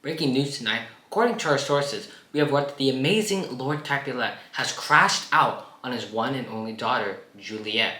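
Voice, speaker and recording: A man's voice: medium pitch, normal speed, hardly any pauses, pushed and bright, roomy sound, natural voice. A teenage boy in a school video playing a pompous TV news anchor who barks orders and announces with showy flair. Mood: announcing. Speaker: student.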